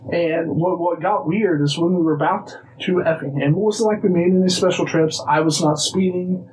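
Animated man telling a story. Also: a little high, moderate pace, poor audio. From Illinois. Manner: animated, acts out dialogue, restarts phrases. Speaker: guest. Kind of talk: casual storytelling.

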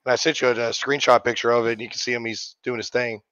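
A man's voice: mid-range voice, flat delivery, fast talker, a bit bright, smooth, dry recording, muffled recording. A man chatting as a guest on a talk show, slangy and loose, calling people bro and dude. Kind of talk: casual podcast chat.

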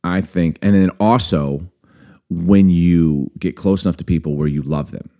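A man's voice: low-pitched, moderate pace. A man hosting a casual podcast, telling a personal story and acting out the dialogue. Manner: storytelling, animated, acts out quoted dialogue. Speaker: podcast host.

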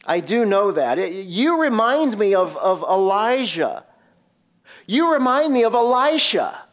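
Man doing a desperate grieving father, earnest and pleading, slow and a bit high. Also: very animated, fairly bright tone, full character voice.

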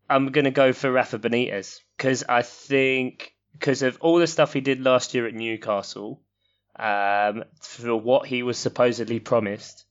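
A man's voice: medium pitch, fairly bright tone. A man hosting a casual, jokey chat and leading the questions. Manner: jokey, puts on voices. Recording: slightly dull lo-fi sound.

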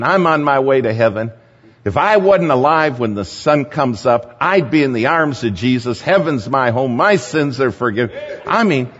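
Guy preaching a story to a church crowd, long hall echo, kinda muffled recording. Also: medium pitch. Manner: lively anecdotal storytelling, chuckling at his own story. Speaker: speaker at a church gathering. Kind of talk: storytelling sermon. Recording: dull, echoey hall recording.

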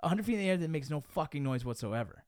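A man's voice: fairly high pitch, fast talker, smooth, no room sound, studio quality. A young man telling a story in a casual podcast chat, swearing often and calling the listener dude and bro. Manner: profane, animated, says dude and bro.

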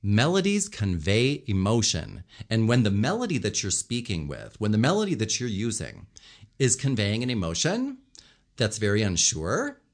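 A man talking as a communication coach, explaining body language and vocal melody and acting out different tones as examples. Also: on the low side. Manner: animated, demonstrates tones and gestures while explaining. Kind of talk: instructional commentary on speaking.

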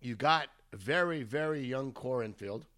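A man's voice: medium pitch, lively intonation, normal speed, sharp tone. A man co-hosting a podcast in loose, chatty talk that drifts off track. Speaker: podcast co-host. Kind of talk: casual chat.

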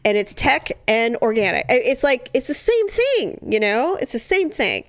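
A woman hosting a podcast in casual chat, talkative and animated, filling her talk with "you know" and "like" as she reads out listener stories. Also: a little high, moderate pace, no echo, clean studio sound. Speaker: podcast host.

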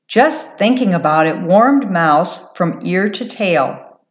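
A woman reading a children's picture book aloud, slowly and with a lively, sing-song pitch. Her encouraging delivery carries a roomy echo. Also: lo-fi sound. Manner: warm, encouraging, lilting. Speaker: host and storybook reader.

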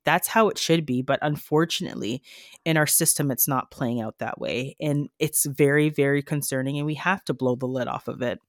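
A woman's voice: low voice, fairly quick, no room sound, studio quality. A woman who works as a nurse, talking earnestly in a podcast conversation, with many fillers and restarts. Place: Canada.

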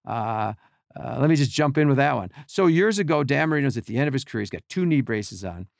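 A middle-aged man, a podcast guest, telling animated behind-the-scenes stories and acting out quotes and sounds. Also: medium pitch, quick pace, vocal fry, dry recording, studio quality. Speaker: podcast guest, team equipment worker. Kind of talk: casual storytelling.

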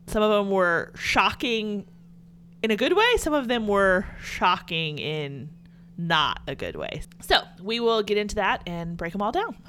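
Southern young woman co-host, animated pitch, playful chatty podcast talk, faint hum. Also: measured pace. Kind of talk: casual chat.

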